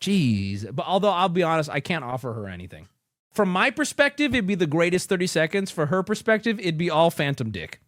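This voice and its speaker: A man's voice: on the high side, very animated, a little fast, a bit bright, no echo, studio quality. A man hosting a stream, giving crude, joking reaction commentary. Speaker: streamer host.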